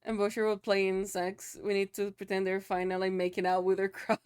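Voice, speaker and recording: A woman's voice: medium pitch, monotone, a little fast, a little mellow, clear, resonant tone. A young woman streaming live, chatting loosely with her viewers, laughing often and swearing casually.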